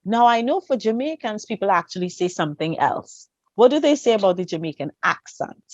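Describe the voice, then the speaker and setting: A woman's voice: mid-range voice, lively intonation, fairly quick, no echo. Trinidadian woman in a dry, muffled recording. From Trinidad and Tobago. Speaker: co-host. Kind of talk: casual panel chat.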